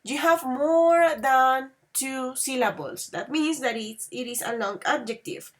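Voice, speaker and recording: Here a woman runs an English grammar lesson, asking students questions patiently and spelling out the endings of words slowly, her voice sitting high.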